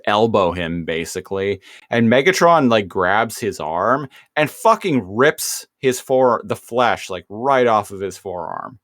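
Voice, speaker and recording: A man's voice: lowish voice, animated, unhurried, few pauses, fairly bright tone, no room sound, studio quality. A man co-hosting a podcast, animatedly retelling scenes with lots of fillers and swearing. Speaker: podcast co-host. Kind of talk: casual chat retelling a cartoon episode.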